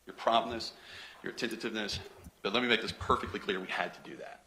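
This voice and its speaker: A man's voice: lowish voice, steady tone, quick pace, bright, forceful tone, slight background noise. A man giving a courtroom closing argument to a jury as a prosecutor, emphatic and sarcastic, firing off rhetorical questions.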